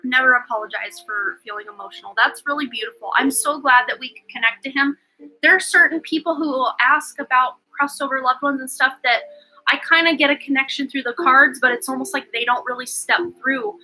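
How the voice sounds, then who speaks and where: A woman hosts a live-streamed tarot reading, chatting effusively and filling her talk with lots of "like" and "um." Her voice is high, bright and pushed, with a steady tone and a brisk pace. Audio quality is poor.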